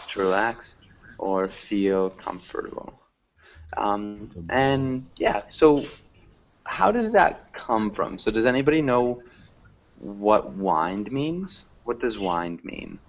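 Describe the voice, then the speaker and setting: A man's voice: lowish voice, expressive, muffled recording. A man teaching an English class online, patiently asking students questions and explaining words. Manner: patient, slow, asks questions.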